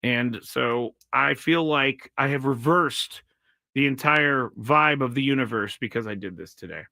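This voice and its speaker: A man's voice: medium pitch, measured pace, vocal fry, sharp tone, no room sound. A man hosting his own live show, telling a rambling story and reading out viewer comments. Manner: rambling, self-correcting storytelling; reads viewer chat comments aloud. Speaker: show host. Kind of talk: casual live-stream monologue.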